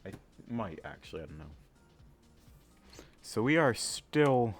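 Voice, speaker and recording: A man casually talking through a flight simulator game, thinking aloud with many pauses and filler words, and breaking into sudden excited outbursts. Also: fairly low pitch, faint music behind. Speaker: flight sim gamer. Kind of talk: casual gameplay commentary.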